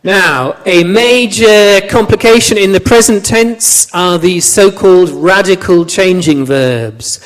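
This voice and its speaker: In a lecture room with long, echoing reverb, a male language lecturer teaches his class. He speaks slowly in a high-pitched voice with hardly any pauses, staying chatty, repeating words and asking the students questions.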